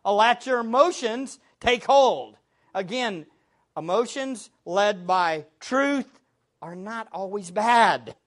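A man preaching a sermon, with expressive delivery, sometimes shouting the quoted words. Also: extremely high pitch. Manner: expressive preaching, shouting acted quotes, laughing between points.

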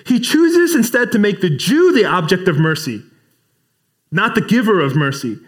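A man's voice: high voice, big pitch swings, moderate pace. A male pastor preaching a sermon in a casual, conversational way, acting out bits of dialogue as he retells a Bible story.

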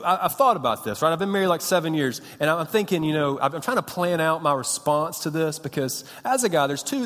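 Animated young pastor in a reverberant hall. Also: male voice, a little high. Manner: animated storytelling, self-mocking and punchy. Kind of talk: sermon.

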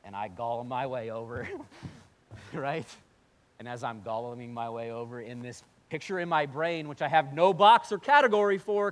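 A man preaching a sermon as pastor, telling his story in a swinging voice that drops to a hush and rises to near-yelling. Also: medium pitch, moderate pace.

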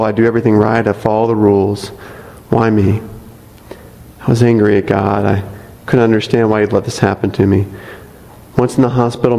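Low-voiced man reading a testimony aloud. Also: vocal fry, warm tone, big-room sound, low-quality recording. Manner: earnest reading broken by light asides. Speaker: church member reading a testimony. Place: church sanctuary. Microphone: microphone.

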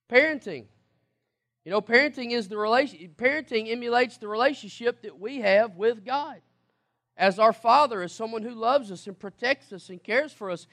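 A man's voice: extremely high pitch, normal speed, fairly bright tone. A man preaching a sermon, emphatic, repeating words and asking the congregation questions. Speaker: pastor.

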